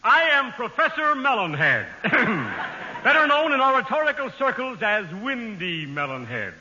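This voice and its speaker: An actor playing a pompous, long-winded professor of public speaking in a 1940s radio comedy, from an old broadcast recording. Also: male voice, extremely high pitch, very animated, a little slow, bright, forceful tone, dull audio, full character voice. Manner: pompous, grandiloquent. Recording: old radio broadcast, roomy hall, hiss.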